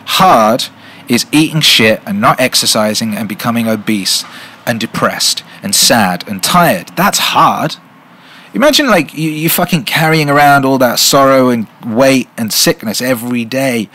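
His medium-pitched voice sounds pushed and bright as this middle-aged host answers viewer questions in a casual solo livestream, speaking bluntly with profanity and rambling, repeating things to drive his points home.

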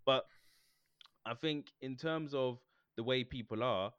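A man's voice: mid-range voice, unhurried, a bit bright, smooth, no echo, muffled recording. A man co-hosting a casual podcast chat, joking around and laughing often. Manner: jokey, mimics people in silly voices, laughs often. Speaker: podcast co-host.

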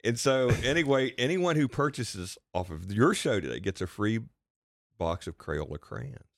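A man's voice: medium pitch, very animated, moderate pace, vocal fry, no room sound, studio quality. An older man, the host's father, chatting casually on a family show, joking, laughing often and trailing off mid-sentence.

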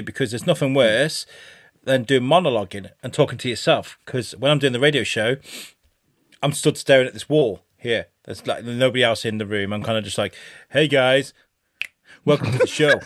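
A man's voice: medium pitch, fairly quick, dry recording. A man who hosts a podcast and a radio show, chatting casually and rambling a bit with swearing. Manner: rambling, sweary, mimics presenter voices. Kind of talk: casual chat.

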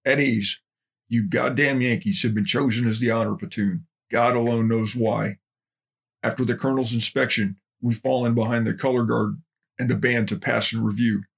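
A man voicing a gruff drill instructor giving blunt, clipped orders in a husky voice. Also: mid-range voice, steady tone, moderate pace. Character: gruff male drill instructor addressing his platoon.

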